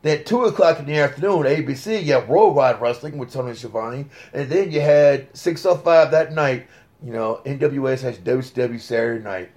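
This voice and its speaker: A man, telling stories as an interview guest in a casual podcast chat, excitable and full of fillers. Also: mid-range voice, normal speed. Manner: excitable storyteller, lots of fillers.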